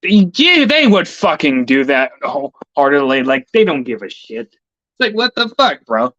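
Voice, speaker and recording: A man's voice: on the high side, big pitch swings, moderate pace, a bit bright, dry recording. A man in a casual, heated rant, swearing often and stammering over repeated words. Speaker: vlogger. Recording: dull lo-fi dry recording.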